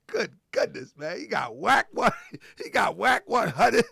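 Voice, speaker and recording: A man hosting a live show, loud and animated, laughing often, repeating himself and calling out to his chat and callers. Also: high-pitched, slow pace, vocal fry, long pauses, husky, no room sound. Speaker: livestream show host.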